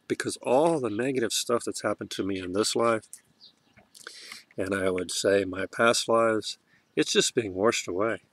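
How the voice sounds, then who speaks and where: Man, low voice, soft-spoken, emotional, halting restarts, heartfelt spiritual vlog. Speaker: vlogger.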